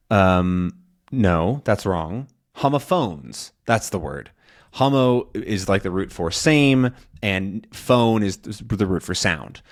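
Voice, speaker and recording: Using a fairly low-pitched voice, a young man teaches English informally, stopping to model drawn-out sounds and frequently stumbling into ums and self-corrections.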